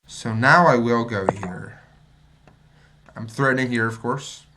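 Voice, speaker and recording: A man streaming himself playing chess, thinking aloud and muttering to himself, sometimes mocking his own mistakes and getting excited. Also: medium pitch, unhurried, noisy background. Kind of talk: thinking aloud while playing and reviewing a game.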